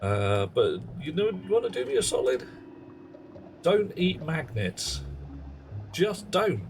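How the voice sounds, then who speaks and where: A man's voice: a little high, big pitch swings, takes it slowly. A man streaming a game live, rambling through wry, chatty asides to his viewers. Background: game music.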